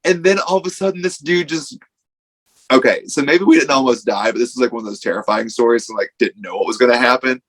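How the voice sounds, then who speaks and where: A man's voice: mid-range voice, fast talker, a bit bright, low-quality recording. A man, a wrestler guest on a podcast, telling a casual story with lots of "like" and acted-out quotes. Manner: rambling storytelling full of "like", acting out quotes.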